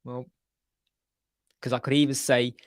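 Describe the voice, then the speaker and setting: Male live-chat host, chatty and jokey, mid-pitched, dry close sound. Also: moderate pace, a bit bright, no echo. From United Kingdom. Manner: chatty, jokey, answers viewers by name. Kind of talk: casual live-stream chat.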